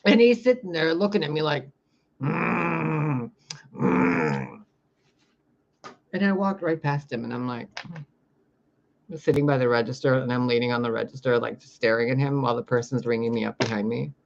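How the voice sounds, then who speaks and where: A woman telling stories on her vlog in a casual, animated way, swearing freely and laughing as she talks. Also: a bass voice, quick pace, creaky, a little hiss or hum. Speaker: vlogger. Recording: dull lo-fi recording.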